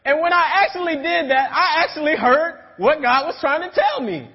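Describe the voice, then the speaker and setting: A man's voice: extremely high pitch, sing-song, normal speed. A young man preaching a casual sermon, telling stories and checking in with his listeners. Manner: storytelling, checks in with "right?". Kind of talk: conversational sermon. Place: church sanctuary. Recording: dull sound with long church reverb.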